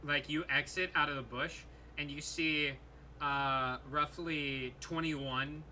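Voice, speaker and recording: A man narrating as game master of a tabletop game, unhurried and hesitant with many fillers. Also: fairly high pitch, steady tone, sharp tone, slight background noise.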